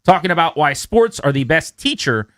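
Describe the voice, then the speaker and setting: Co-hosting a sports radio show, a man talks through football analysis in a conversational, analytical way, drilling into points as casual sports talk. His voice is on the high side, very animated and a bit bright at a moderate pace. The studio-quality sound has no echo.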